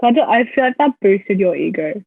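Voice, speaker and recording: A woman's voice: medium pitch, lively intonation, a little fast, vocal fry, breathy edge, dry recording. A young Australian woman, a podcast guest, teasing and laughing often in casual chat over a call. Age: young adult. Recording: tinny phone-like call line.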